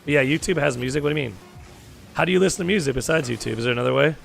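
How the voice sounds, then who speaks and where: Hoarse, gravelly young man streaming games. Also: mid-range voice, very fast, faint music behind. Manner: chatty, swears freely, calls people dude. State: hoarse, sore throat. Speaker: gaming streamer. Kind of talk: casual gaming chat with viewers. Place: home gaming setup.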